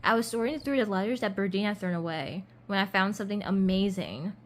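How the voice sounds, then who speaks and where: A woman's voice: mid-range voice, brisk. Woman casually reading a storybook aloud. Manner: casual, slips and restarts, laughs at herself. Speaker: doll collector reading a storybook. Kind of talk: reading a children's book aloud.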